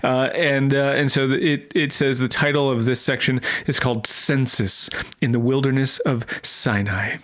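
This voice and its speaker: A man co-hosting a comedy podcast in casual chat, halting and repeating words as he talks. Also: mid-range voice, steady tone, a bit bright. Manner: hesitant, halting, repeats words, puts on joke accents. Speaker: podcast co-host.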